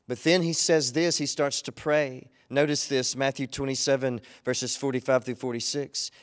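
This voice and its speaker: A man's voice: mid-range voice, steady tone, normal speed, hardly any pauses. A man preaching a sermon as pastor, reading scripture dramatically and asking the listeners pointed questions with rising feeling.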